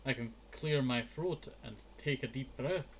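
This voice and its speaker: A man's voice: medium pitch, unhurried, a little hiss or hum. A man chatting casually while playing a game, his throat dry and strained, often stumbling over words and trying them again. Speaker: game streamer. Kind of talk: casual let's-play commentary.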